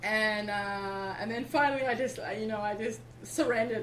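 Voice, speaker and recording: A middle-aged woman from Australia tells a personal story, animated and acting out the voices of others. She sounds roomy and distant from the mic. Steady background noise runs underneath. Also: fairly high pitch, moderate pace, few pauses. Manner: animated, acts out quoted speech. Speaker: interview guest.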